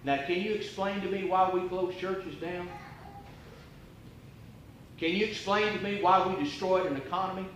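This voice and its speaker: A man preaching an impassioned sermon in a church, firing rhetorical questions and swinging from hushed tones to near-shouts. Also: high voice, moderate pace, long pauses, slight background noise. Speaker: evangelist preacher. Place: church auditorium. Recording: echoey church room with faint ambience.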